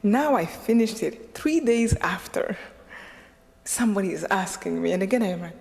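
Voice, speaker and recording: A woman's voice: mid-range voice, moderate pace, creaky. Rwandan woman telling a story in a hall. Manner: lively, laughing often, acting out dialogue. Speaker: guest speaker. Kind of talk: storytelling talk to a live audience. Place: lecture hall.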